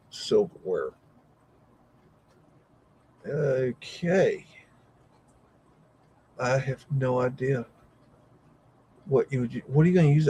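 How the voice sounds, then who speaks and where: A man's voice: medium pitch, vocal fry, mellow, slight background noise, poor audio. Awestruck man reacting live, cursing. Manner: exclamatory, frequent mild swearing, thinking aloud; rambling, easily amazed. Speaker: host of a live stream.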